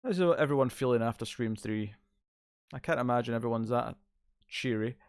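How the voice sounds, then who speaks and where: A man hosts a relaxed livestream from his couch at home, rambling and answering chat messages in a middle-pitched voice. The sound is dry, with little room echo. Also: normal speed, smooth. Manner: laid-back, rambling, reads chat aloud. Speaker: streamer host. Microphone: distant mic, moves out of frame.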